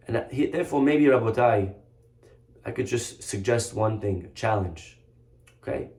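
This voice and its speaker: A man's voice: on the low side, normal speed, pauses often, a little mellow. A man giving a sermon as a rabbi, telling a story and asking the audience rhetorical questions. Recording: echoey room.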